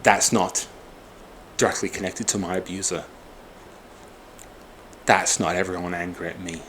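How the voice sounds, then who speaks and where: A man's voice: low voice, level tone, a little slow, fairly bright tone, slight background noise. A man in his forties, upset and exhausted, venting in a bitter, raw personal monologue full of swearing. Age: 40s. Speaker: vlogger.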